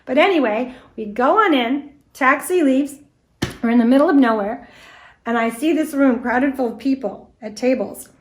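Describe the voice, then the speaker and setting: Speaking at a normal speed, a middle-aged American woman presents stories about antique doll history as a guest speaker. She is animated and anecdotal, briefly acting out people's words, and her voice sits slightly high for a woman.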